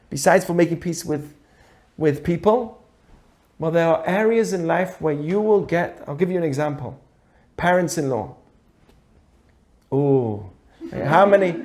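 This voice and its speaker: A Torah teacher gives a conversational ethics lesson, putting rhetorical questions to his audience and acting out quoted dialogue in different voices. He has a high, slightly mellow voice.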